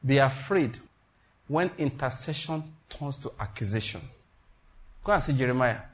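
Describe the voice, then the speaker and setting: A man's voice: medium pitch, lively intonation, normal speed. A man preaching a sermon in an emphatic, repetitive style, calling out to his congregation. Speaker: pastor.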